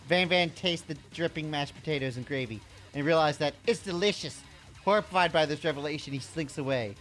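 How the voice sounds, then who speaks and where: A game master narrating a live-streamed tabletop game in a low, dramatic storybook manner. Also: fairly quick, fairly bright tone, faint music behind.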